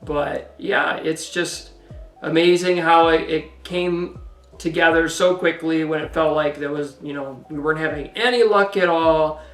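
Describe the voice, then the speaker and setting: Man, co-host, easygoing storyteller, a bit high voice, roomy sound, mic set back, soft music behind. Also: a little slow, distant mic. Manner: relaxed storytelling, many "you know" fillers. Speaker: co-host, husband. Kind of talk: casual podcast-style testimony. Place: home.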